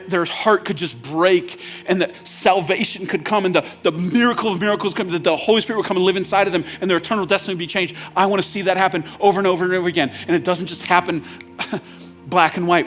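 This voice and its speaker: A man's voice: on the high side, fairly bright tone. A male pastor preaching in a church, talking plainly to the room and building to urgent, emphatic points. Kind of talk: sermon. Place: church sanctuary.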